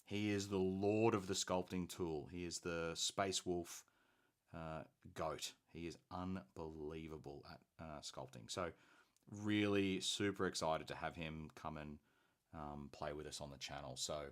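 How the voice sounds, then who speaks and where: A man's voice: low voice, a bit bright. An Australian man hosting a hobby painting live stream, chatty and rambling as he thinks aloud. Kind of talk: casual live-stream chat.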